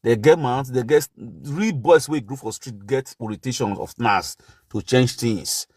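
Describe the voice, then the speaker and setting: A man from Benin City with a Nigerian Pidgin accent, telling street stories in a lively, animated way. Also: mid-range voice, a little slow, breathy edge, no echo, clean studio sound. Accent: Nigerian Pidgin, Edo (Benin City). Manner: animated storyteller, shouting catchphrases, laughing. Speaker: talk show guest. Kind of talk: casual street talk.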